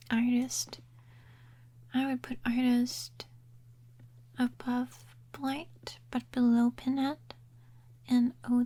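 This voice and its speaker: Woman, soft-spoken ASMR chat, whispery, slow and unhurried delivery. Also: high-pitched. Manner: whispery and mumbly, with trailing restarts. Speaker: ASMR gaming creator. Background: quiet rain sounds.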